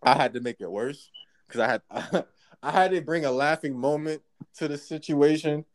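A man casually telling a work story among friends, profane and animated, acting out what people said. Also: a little high, normal speed. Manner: profane, animated, acts out quotes.

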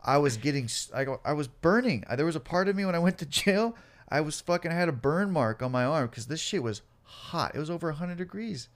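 Speaking briskly in a fairly high voice, a man in his late twenties or older tells his life story in a casual interview. He swears a lot and animatedly acts out the cops and himself.

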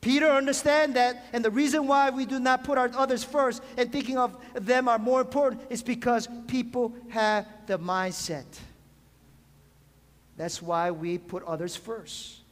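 A man's voice: very high-pitched, fairly even intonation, measured pace. A man preaching a sermon as pastor, asking the congregation questions and calling for amens. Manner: preaching with call-and-response questions. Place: church sanctuary. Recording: long hall reverb.

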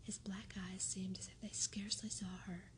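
Brief: woman reader, whispered role-play storytelling, steady flat whisper, calm and close. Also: medium pitch, normal speed, a little hiss or hum. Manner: soft, unvoiced whisper. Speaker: audiobook reader.

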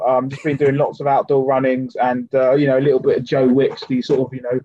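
A man chats in a loose, rambling way, leaning on fillers and asides as a podcast co-host. His voice comes through a remote line that sounds dull and lo-fi. It is dry, with no room echo. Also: medium pitch. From United Kingdom. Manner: chatty, full of fillers and "do you know what I mean". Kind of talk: casual chat.

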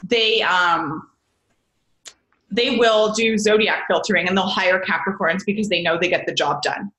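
A podcast guest explains astrology a little slowly, her mid-range voice pushed and bright on a rough recording with a roomy sound. She rambles and chats casually, often correcting herself, and calls the listener babes.

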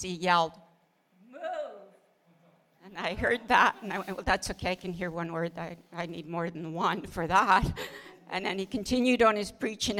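With a fairly low, fairly bright voice, a middle-aged pastor's wife co-hosts an informal ministry talk. She tells her story with genuine feeling, laughing often and reciting prayers she has prayed.

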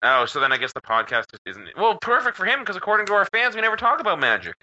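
A man's voice: high-pitched, fast. A man co-hosting a podcast in casual, teasing chat. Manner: joking, lively, teasing. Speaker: podcast co-host. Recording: slightly dull audio with faint noise.

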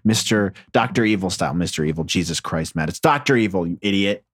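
A man's voice: low-pitched, animated, quick pace, slightly rough, dry recording, clean studio sound. A man from New Jersey rambling through a casual monologue, profane, sarcastic and self-deprecating.

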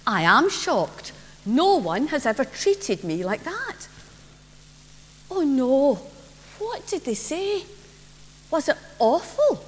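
An eager, impatient little girl, put on by a woman minister telling a story, her voice pitched high and bouncing with breathless questions. The sound rings in a long church reverb over a faint hum. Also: sing-song, takes it slowly, pauses often, heavily acted.

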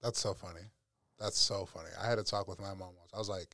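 A man's voice: on the low side, quick pace, dry recording, clean studio sound. A young man, a podcast guest, chatting casually and acting out his family's voices while he tells stories. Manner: animated storyteller, acts out family voices. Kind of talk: casual chat.

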